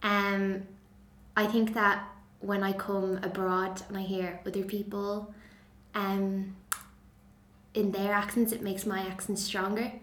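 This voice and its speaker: A woman's voice: mid-range voice, slow, long pauses. Dublin Irish woman in an echoey room. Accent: neutral Dublin Irish. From Dublin, Ireland. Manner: relaxed, with frequent ums. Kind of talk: reading a passage, then casual talk about her accent.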